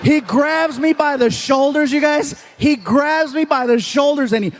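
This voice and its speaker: A man with a high, bright voice works a live comedy stage, telling stories. He jumps in and out of the voices of the people in his tales with lively, animated energy, speaking into a handheld stage mic. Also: measured pace, noisy background. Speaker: stand-up comedian. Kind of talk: stand-up comedy storytelling.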